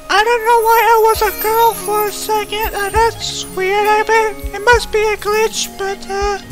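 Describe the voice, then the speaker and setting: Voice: very high-pitched, low-quality recording. A performer voicing an eleven-year-old boy playing a game for the first time, rambling with many uhs and easily shocked, in a staged gameplay commentary skit.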